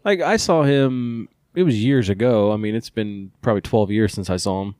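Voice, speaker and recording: A man's voice: lowish voice, normal speed, a little mellow, no echo, studio quality. A man co-hosting a casual music podcast, talking in a laid-back, rambling way. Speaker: podcast co-host. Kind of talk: casual chat.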